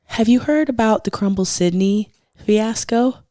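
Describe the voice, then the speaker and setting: A woman's voice: medium pitch, unhurried, dark tone, dry recording, studio quality. A woman co-hosting a podcast, telling a story in a chatty, gossipy way and swearing freely as she talks. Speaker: podcast co-host. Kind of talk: casual chat.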